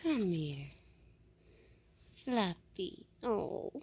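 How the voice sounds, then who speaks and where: A woman talking baby talk to a raccoon she is feeding, softly calling and coaxing it at an open door at night. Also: mid-range voice, animated, slow pace, vocal fry, husky, no echo. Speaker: vlogger feeding a wild raccoon. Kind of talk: casual cooing to an animal.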